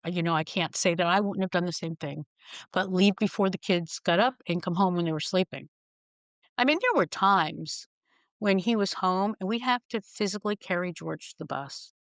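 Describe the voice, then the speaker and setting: A woman's voice: on the low side, normal speed, a bit bright, no echo. A middle-aged woman speaking frankly as a podcast guest, telling wry stories and acting out the people in them. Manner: frank, wry, acts out quoted voices. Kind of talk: candid storytelling conversation.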